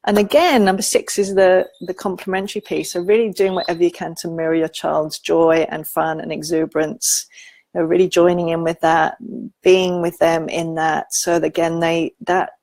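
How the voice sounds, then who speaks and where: A woman giving a gentle, informal talk on parenting, teaching with soft asides and quoted examples. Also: lowish voice, flat delivery, moderate pace, dry recording. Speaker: parenting educator.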